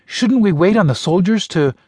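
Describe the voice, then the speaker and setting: A scared, snappish young woman in a sci-fi audiobook, as a male narrator lifts his voice for her. She quavers, swears and snaps back, pitched up high. It is close and bone-dry, like a voice booth. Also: animated, moderate pace, slightly rough, no echo. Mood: frightened, snappish. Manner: sharp-tongued, quavering, swearing. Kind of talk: audiobook character voice.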